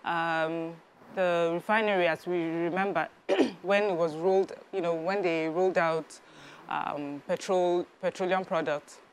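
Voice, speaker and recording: A woman's voice: on the low side, fairly even intonation, measured pace, slight background noise. A woman co-hosting a morning TV show, explaining a news story at length with many fillers. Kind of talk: breakfast TV news chat.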